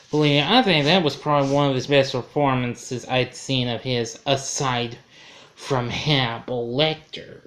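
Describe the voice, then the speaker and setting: A man's voice: mid-range voice, fairly even intonation, measured pace, a bit bright. A man giving a casual film review, rambling and correcting himself as he goes. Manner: rambling, self-correcting, chuckles at his own slips.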